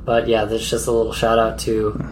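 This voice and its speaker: A man's voice: lowish voice, completely flat delivery, moderate pace, slight background noise. A man co-hosting a casual travel podcast, rambling with many fillers and laughing often. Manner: rambling, giggly, lots of fillers. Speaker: podcast co-host.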